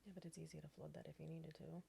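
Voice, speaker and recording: A woman's voice: deep voice, flat delivery, racing, vocal fry, warm tone, slightly rough. A woman co-hosting a casual home podcast, chatty, asking questions and making jokes. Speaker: podcast co-host.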